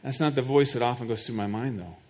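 A man's voice: medium pitch, fast, a little mellow. A middle-aged man preaching a sermon to his congregation. He talks earnestly, often repeats a word as he builds a point, and puts questions straight to his listeners. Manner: speaks directly to the congregation with questions. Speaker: pastor.

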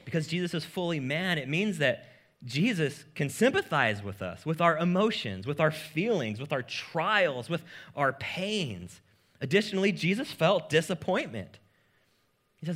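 A man preaching a sermon as pastor, in a casual, joking manner with lively asides. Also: fairly high pitch, measured pace.

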